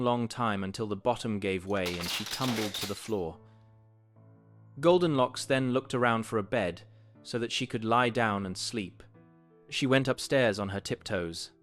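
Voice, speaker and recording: Male storyteller, lower pitch, lively read-aloud. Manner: animated, expressive read-aloud. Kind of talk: storybook reading.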